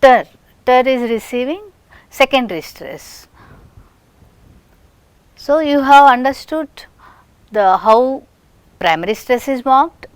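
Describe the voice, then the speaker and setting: A woman teaching a recorded phonetics lesson, slow and deliberate, drawing out each example word. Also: medium pitch, no room sound.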